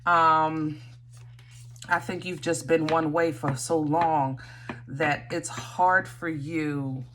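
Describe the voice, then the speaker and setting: A woman's voice: low-pitched, fairly even intonation, takes it slowly, a bit bright, a little hiss or hum. A woman giving a casual tarot reading, thinking aloud with many fillers and restarts. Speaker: tarot reader.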